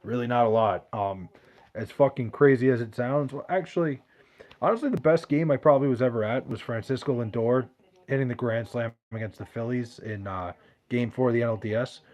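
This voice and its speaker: A man's voice: medium pitch, a little fast, darkish tone. A man hosting a podcast, reading out chat questions in loose, profane, joking banter. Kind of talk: casual chat.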